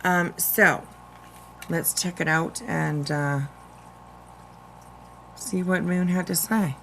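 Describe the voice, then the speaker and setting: A woman's voice: on the low side, steady tone, slow pace, creaky, fairly bright tone, a little hiss or hum, poor audio. A woman hosting a casual live stream of drama commentary, rambling with many fillers.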